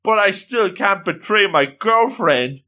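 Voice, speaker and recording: Cartoon recap: a man doing a blunt, honest teen boy, lively and matter-of-fact. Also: sits high, takes it slowly, pitched above the performer's own voice, heavily acted. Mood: earnest. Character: earnest, straight-arrow teenage boy, blunt and honest.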